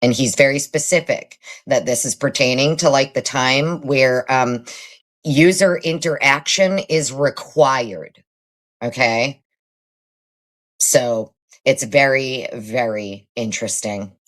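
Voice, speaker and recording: Woman host, very deep voice, casual live-stream commentary, blunt and salty, lots of "um" and "like.". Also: slow. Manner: blunt, casual swearing, frequent fillers.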